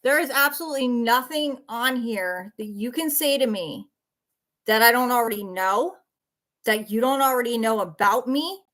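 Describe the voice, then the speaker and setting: A woman's voice: a little high, lively intonation, normal speed, fairly bright tone. A worn-out woman ranting defensively on a livestream, blunt and swearing, repeating herself as she answers viewers. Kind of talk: heated livestream rant.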